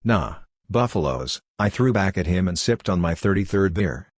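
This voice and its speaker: A man's voice: low-pitched, brisk, darkish tone, no room sound. A man giving a wry, matter-of-fact first-person audiobook narration into a close mic.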